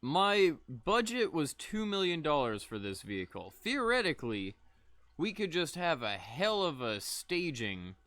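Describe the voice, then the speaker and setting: Man, young adult, casual stream chatter, chuckly and unhurried, tense bright tone, occasional cough. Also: medium pitch. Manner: rambling, laid-back, chuckles often. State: coughing between lines. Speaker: gaming streamer. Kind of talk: casual livestream commentary.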